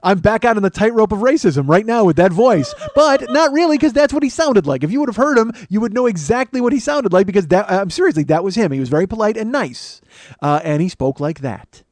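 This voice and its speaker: A man's voice: sits high, expressive, brisk, a little mellow, no echo. Profane man telling a rambling story. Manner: profane, rambling, sarcastic asides. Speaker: comedy podcast host. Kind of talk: casual storytelling monologue.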